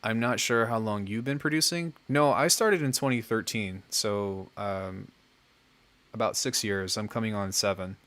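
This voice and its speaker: A young man with a lowish, fairly bright voice talks at a moderate pace. He's a music producer on a livestream, chatting casually and giving friendly feedback on music, with lots of filler words.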